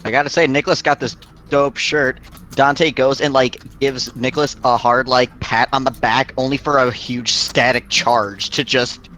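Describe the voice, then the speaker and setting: A man playing a tabletop game, excitable and laughing, stammering in his rush. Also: medium pitch, normal speed, low-quality recording. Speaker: player. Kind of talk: casual tabletop game banter.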